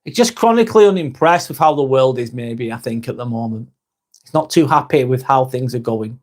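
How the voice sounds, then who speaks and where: A man's voice: mid-range voice, expressive, a little fast. A man hosting a casual live vlog, reading viewer comments aloud and chatting back to them.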